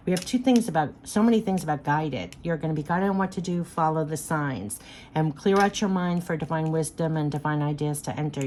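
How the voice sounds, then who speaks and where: A woman's voice: sits low, mellow, slight background noise. A woman doing a spiritual card reading, speaking in a soothing, repetitive, affirming way.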